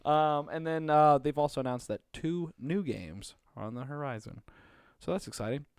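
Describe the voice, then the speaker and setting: A man's voice: a little high, moderate pace, clean tone, no room sound, clean studio sound. A man in casual group chat about video games, rambling with many fillers and frequent laughs.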